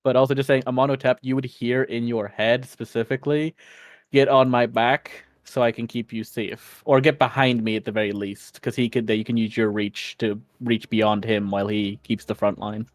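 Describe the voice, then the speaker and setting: A man's voice: mid-range voice, steady tone, fairly quick, few pauses, no echo, studio quality. Giggly swearing man playing a tabletop game. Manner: giggly, casual, swears freely. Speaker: player.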